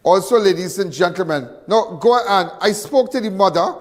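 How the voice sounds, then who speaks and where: A man's voice: high voice, expressive, normal speed, in a large hall. A man with a Trinidadian accent hosting a live call-in crime show, emphatic and chatty, repeating phrases for effect.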